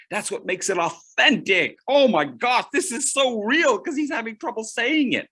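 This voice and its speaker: A man with a slightly high, slightly rough voice and lively intonation coaches public speaking in an online workshop. He's playful, using dramatic pauses and swinging between loud and hushed delivery.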